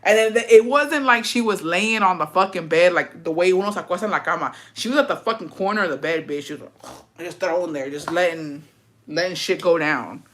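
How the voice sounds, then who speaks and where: Fairly quick and fairly bright, with a lowish voice, a livestream host shares a personal story and reads her chat. Her replies are blunt and profane, and she keeps adding "bitch" to them.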